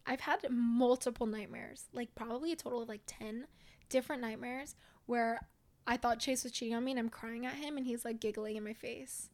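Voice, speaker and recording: A young woman with a high, bright-pitched voice, co-hosting a casual podcast. She talks in a loose, chatty way, swears freely and tells her stories with animation. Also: fairly even intonation, fairly quick. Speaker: podcast co-host. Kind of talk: casual chat.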